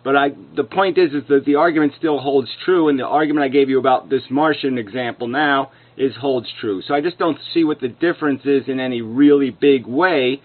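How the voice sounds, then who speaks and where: A man's voice: medium pitch, brisk, hardly any pauses. A man delivering an angry, profane rebuttal rant full of insults, as a video commentator. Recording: narrow phone-like lo-fi sound.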